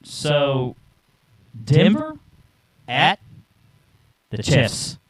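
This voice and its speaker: A male podcast co-host with a lively, rising-and-falling voice. He runs through game picks in relaxed, easygoing chat and tosses in quick asides. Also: on the high side, noisy background. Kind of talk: casual sports chat.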